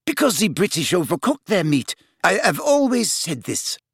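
Storybook: upbeat self-assured French girl, pitched high, read by a man. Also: sing-song, normal speed, gravelly, husky, no room sound, studio quality, heavily acted. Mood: happy. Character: young French woman, cheerful and proud.

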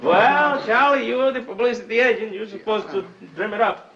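A man with a Cuban Spanish accent playing an excitable bandleader husband in a 1950s sitcom, lively and exclamatory. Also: high voice, normal speed. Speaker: bandleader turned actor. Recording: lo-fi 1950s TV audio with hiss. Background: studio audience laughter.

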